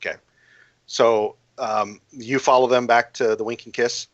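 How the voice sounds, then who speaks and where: A man narrating a tabletop game as game master, halting and full of fillers and restarts. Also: mid-range voice, level tone, no room sound, dull audio.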